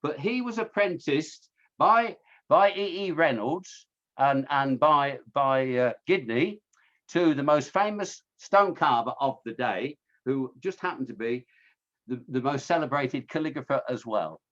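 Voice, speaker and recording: A man at a medium pitch gives an informal slide talk on local history. He rambles and corrects himself, dropping in wry asides along the way. The recording sounds a little dull and lo-fi. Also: expressive, a little slow, a bit bright.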